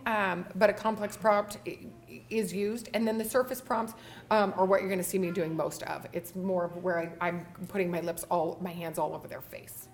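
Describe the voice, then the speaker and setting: A woman's voice: mid-range voice, a little hiss or hum. A woman speech therapist giving a conference lecture, explaining each slide step by step with frequent fillers.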